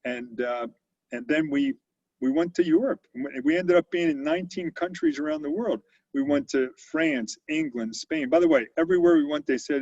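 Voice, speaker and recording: A man's voice: a little high, sing-song, normal speed, darkish tone, no room sound, lo-fi sound. An older man who founded a company tells stories as a guest in an interview and acts out the quotes with animation. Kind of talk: storytelling interview.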